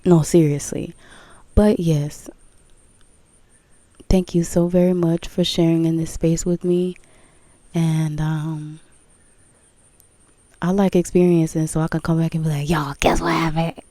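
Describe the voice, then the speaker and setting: A woman's voice: low-pitched, level tone, a little slow, pauses often, dark tone, no room sound. A woman talking candidly to her viewers about her spiritual path, emphatic, repeating phrases, swearing and laughing. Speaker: spiritual vlogger. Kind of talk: casual spiritual talk to viewers.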